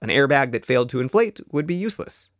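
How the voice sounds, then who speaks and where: A man co-hosts a casual comedy podcast, walking through a story with a wry, dry delivery. His pitch sits mid-range for a man. The recording is close and dead, with no room sound. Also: lively intonation, quick pace, dry recording. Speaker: podcast co-host.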